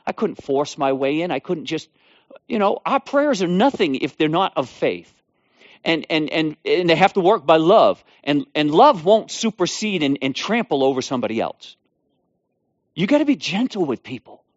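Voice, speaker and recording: Animated New preacher man. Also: fairly high pitch, no echo, highs cut off. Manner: animated storytelling with laughs and restarts. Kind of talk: sermon with personal testimony.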